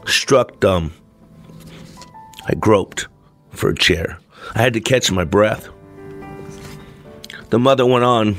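Earnest male narrator reading a first-person tale, lowish pitch, faint music bed. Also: slow, pauses often, a bit bright. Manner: reflective, earnest storytelling.

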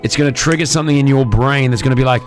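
A man's voice: mid-range voice, rapid-fire, faint music behind. A man hosting a morning radio show, playful and teasing, laughing often with callers. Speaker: radio host. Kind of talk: casual radio chat.

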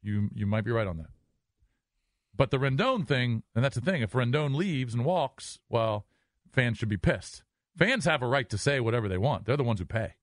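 A man co-hosting sports talk radio, laying out his points in a measured way. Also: medium pitch, animated, no room sound, studio quality.

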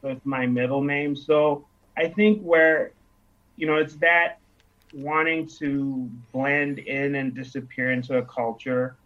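A Nigerian man in his thirties, a guest in a casual interview, reflectively tells stories and acts out the quoted dialogue. His mid-range voice is steady and a little slow, and the lo-fi recording sounds dull.

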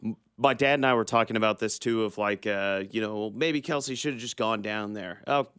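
Low smooth-voiced guy on sports talk, dry close mic, easygoing back-and-forth. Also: moderate pace, fairly bright tone, no echo. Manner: conversational, agrees then adds his own analysis. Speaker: sports radio co-host.

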